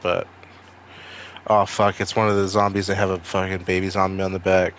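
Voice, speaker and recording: With a deep, slightly bright voice that barely moves in pitch, this young Maine streamer talks at normal speed in his regional accent. He rambles, wisecracks and swears casually during the gaming chat, with a little hiss or hum in the recording.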